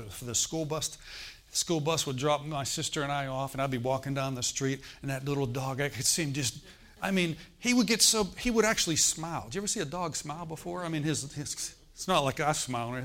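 A middle-aged man preaching a sermon, telling stories and acting out the voices of the people in them, swinging from hushed to loud. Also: on the high side. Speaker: pastor. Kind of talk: sermon storytelling.

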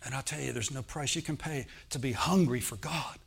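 A man's voice: mid-range voice, a little fast, creaky, breathy edge. A man preaching a sermon, telling a personal healing story and often asking the congregation "Amen?". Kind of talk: sermon testimony.

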